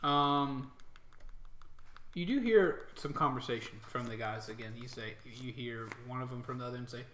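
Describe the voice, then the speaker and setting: A man's voice: mid-range voice, moderate pace, fairly bright tone, a little hiss or hum. Rambling man running a tabletop game. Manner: loose, rambling, laughing narration with many fillers. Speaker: dungeon master. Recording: echoey room.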